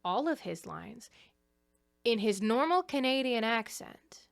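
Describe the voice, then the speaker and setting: A young woman hosting a casual commentary video essay, chatty and animated, laughing often. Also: a little high, measured pace, vocal fry.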